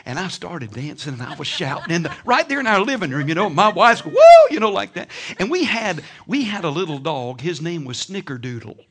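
A man preaching a sermon, telling stories with bursts of laughter and shouting. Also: fairly high pitch, fairly quick. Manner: animated storytelling, laughing and shouting. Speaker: pastor.

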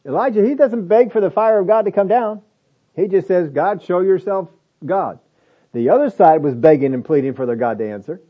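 A man's voice: high voice, a little fast, lo-fi sound. A man preaching a sermon in a conversational way, building to emphatic lists.

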